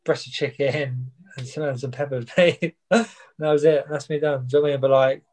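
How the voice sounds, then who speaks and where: A man's voice: mid-range voice, steady tone, fairly quick, a little mellow, poor audio. A young man, a boxer chatting casually in an interview and rambling with plenty of fillers and repeats. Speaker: boxer guest. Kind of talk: casual chat.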